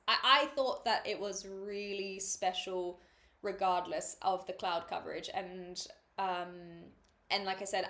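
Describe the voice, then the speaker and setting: A woman with a New Zealand accent talks to her livestream chat in a relaxed, meandering way. Her voice is bright and forward. Now and then she slips into deadpan sarcasm. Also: medium pitch. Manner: chatty and meandering, dry sarcasm. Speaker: streamer. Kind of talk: casual livestream chat, reading chat aloud.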